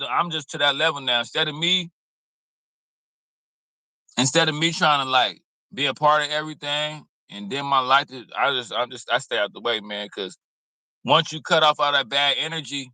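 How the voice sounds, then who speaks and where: A man's voice: mid-range voice, moderate pace, pushed and bright, no room sound, poor audio. A man giving blunt, preachy, streetwise commentary in a casual reaction video, cursing freely. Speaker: commentary host.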